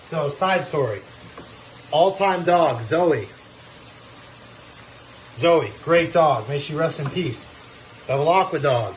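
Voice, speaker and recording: Upbeat guy doing a home cooking vlog, kinda high voice, jokey, faint hiss behind. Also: normal speed, pauses often, rough recording. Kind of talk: casual cooking demo. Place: home kitchen.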